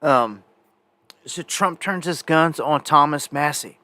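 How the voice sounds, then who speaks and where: A man's voice: a little high, slow, pushed and bright, no echo. A man hosting a live independent news show, talking in a rambling, conversational way with many fillers and restarts. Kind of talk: casual live news commentary.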